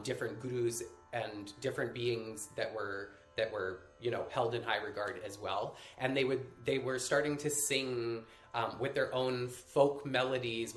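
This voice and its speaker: A man's voice: mid-range voice, roomy sound. A man teaching a live-streamed workshop on mantra chanting, patiently explaining pronunciation step by step. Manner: hesitant, many fillers and restarts.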